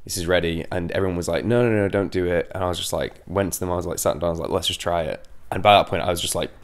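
Guesting in a casual interview, an English band singer speaks very fast with a low, gravelly, steady voice. His chat is candid and rambling, and he keeps interrupting himself.

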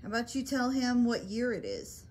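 A woman paranormal investigator calmly and persistently asking questions of spirits during a ghost hunt. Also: fairly high pitch, normal speed. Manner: calm, coaxing, persistent questions.

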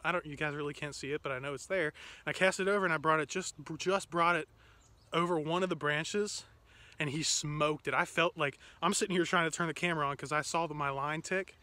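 A young man from Ohio narrating his fishing trip outdoors in an excitable, casual vlog manner, talking to viewers as he fishes. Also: a little high, no echo. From Ohio, USA. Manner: excitable, talks to himself and viewers, frequent exclamations. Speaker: fishing vlogger. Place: outdoors by a pond.

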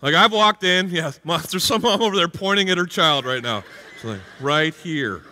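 A middle-aged pastor delivers an energetic sermon, acting out little scenes in playful voices. His voice is bright and sharp and rides up and down. Long reverb from a church hall trails behind him. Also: high-pitched, brisk. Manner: animated, jumps into playful character voices and exclamations. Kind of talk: energetic sermon with acted-out stories.

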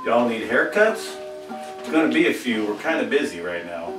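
An actor playing a wary small-town barber with a folksy drawl. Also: male voice, medium pitch, big pitch swings, normal speed, music in the background, natural voice. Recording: roomy, far-off film audio.

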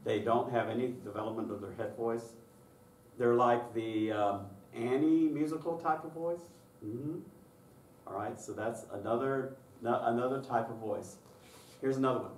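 A man giving a conference workshop on children's singing, talking in a lively way and breaking into high falsetto to imitate children. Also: moderate pace. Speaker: choir director and workshop presenter. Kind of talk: conference workshop talk with sung demonstrations. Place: conference room. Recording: roomy distant recording with faint noise.

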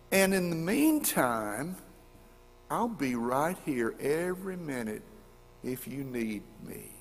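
A middle-aged male preacher delivers a storytelling sermon with a husky edge to his voice. His words ring out through a church sanctuary with a long, lingering reverb. He pushes up into emphatic peaks and then sinks low, repeating words for weight. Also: very animated, slow pace.

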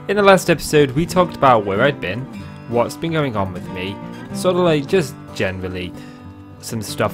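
A young man hosting a casual video game let's play, talking in a chatty, rambling way with fillers and asides. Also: mid-range voice. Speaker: Minecraft let's play host. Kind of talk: casual gameplay commentary. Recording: faint guitar music behind.

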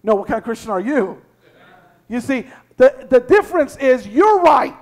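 Pastor, male, very high pitch; reads verses then preaches hard, shouting at peaks. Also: sing-song, moderate pace. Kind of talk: sermon. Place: church sanctuary.

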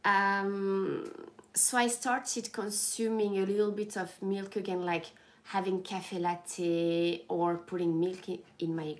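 A young woman chatting casually to her viewers in a groggy morning voice, halting and restarting often. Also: medium pitch, level tone. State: sleepy morning voice. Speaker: lifestyle livestreamer.

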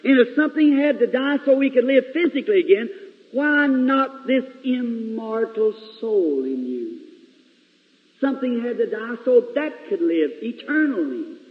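A man preaching a sermon in a large church, storytelling dramatically with sudden swings between loud and hushed delivery. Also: very high-pitched, sing-song, unhurried, slightly rough. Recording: lo-fi 1950s reel recording, long hall reverb.

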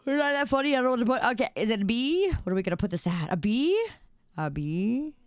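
A woman's voice: a little high, lively intonation, fast talker, clear, resonant tone, no room sound. A woman streamer chatting playfully with her viewers, repeating words in a sing-song drawl. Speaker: livestreamer. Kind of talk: casual live-stream chat.

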